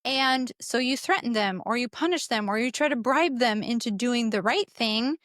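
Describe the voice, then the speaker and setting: A woman's voice: on the high side, animated, moderate pace, fairly bright tone, no room sound, studio quality. A middle-aged woman co-hosting a podcast, explaining parenting ideas earnestly in casual conversation. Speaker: podcast co-host.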